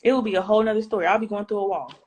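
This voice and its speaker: A young woman co-hosting a podcast, talking frankly in a casual, animated way. Her voice sits at an ordinary middle pitch, and she acts out what others said as she tells her stories. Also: very fast. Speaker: podcast co-host. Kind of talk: casual chat.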